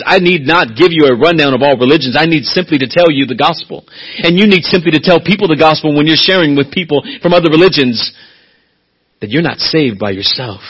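Husky-voiced preacher, loud to quiet. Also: male voice, poor audio. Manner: swings from quiet and low to loud, high emphatic preaching. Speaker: pastor. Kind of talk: sermon.

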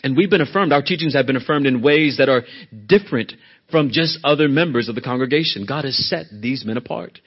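A man's voice: mid-range voice, brisk, breathy edge, dull audio. A man preaching a sermon as a church elder, pressing hard on key words and then dropping to a near whisper. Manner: emphatic, rising to loud stresses then dropping to a soft hush.

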